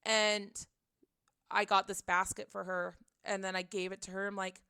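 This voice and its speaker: A woman chatting on a home livestream, rambling and giggly, with many filler words and sudden excited reactions to her chat. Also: medium pitch, moderate pace, gravelly, clean tone, no room sound, clean studio sound. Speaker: streamer.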